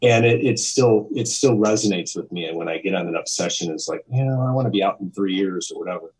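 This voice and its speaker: A man in his fifties with a very low voice tells a story as a podcast guest. He rambles along in a candid, conversational way, restarting sentences and acting out what people said. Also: fast talker, a little mellow, low-quality recording. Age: 50s. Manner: rambling, with frequent restarts and acted-out quotes. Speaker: podcast guest, music photographer.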